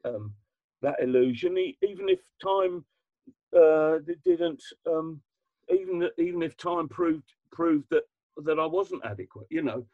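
A man in his seventies, a guest musician, talking reflectively in an interview, self-deprecating and halting with many restarts. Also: fairly high pitch, lively intonation, no echo, narrow, tinny audio.

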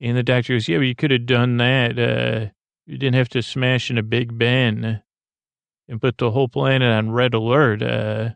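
A man hosting a bedtime podcast, retelling a TV episode in a meandering, halting way full of ums and restarts. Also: little pitch movement, creaky, clean tone, dry recording. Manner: low-key, unhurried. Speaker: podcast host.

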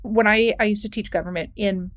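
A woman's voice: mid-range voice, a little fast. A woman from Minnesota with a Minnesota accent, interviewing a guest in a casual chat and acting out stories as she tells them. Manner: animated storyteller, acts out quotes.

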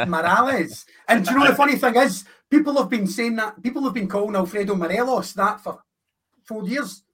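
A man's voice: sits high, a little fast, sharp tone, husky, distant mic. A man co-hosting a casual football podcast in a jokey, teasing way. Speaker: podcast co-host.

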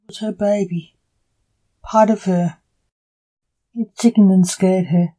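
Very slow, dark-toned story narrator. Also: medium pitch, fairly even intonation, rough recording.

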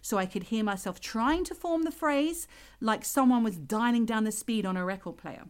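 A woman's voice: fairly high pitch, animated, moderate pace, clear, resonant tone. A woman co-hosting a podcast, telling a true ghost story and acting out the voices of the people in it. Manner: vivid storyteller who acts out voices.

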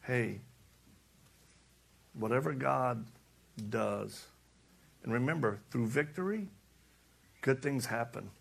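Slow and husky, with a creaky medium-pitched voice and long pauses, a middle-aged man preaches with passion. He repeats lines for emphasis and laughs as he acts out stories in his sermon.

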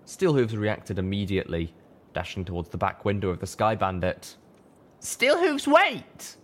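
Man, low voice, audiobook narrator, steady first-person storytelling. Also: fairly quick. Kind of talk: audiobook reading of fan fiction.

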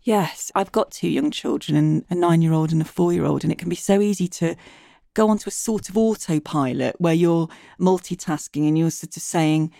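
A woman's voice: low voice, normal speed, creaky, dark tone, no echo, studio quality. A woman hosting a podcast, asking carefully worded, articulate questions. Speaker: podcast host. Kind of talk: interview questions.

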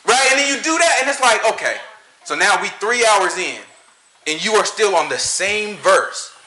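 A man talking casually about church and preaching, animated and joking, often laughing. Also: high voice, moderate pace, echoey room, poor audio. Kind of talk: casual opinion talk.

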